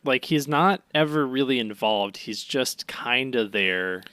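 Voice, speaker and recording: A man co-hosting a podcast, reacting with laughs and animated banter while recapping episodes. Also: mid-range voice, unhurried, clear, resonant tone, dry recording. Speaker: podcast co-host. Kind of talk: casual chat recapping episodes.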